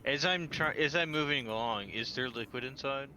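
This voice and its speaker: A man's voice: mid-range voice, normal speed, bright, forceful tone, a little hiss or hum. A man playing a tabletop game over voice chat, argumentative and easily exasperated. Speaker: player.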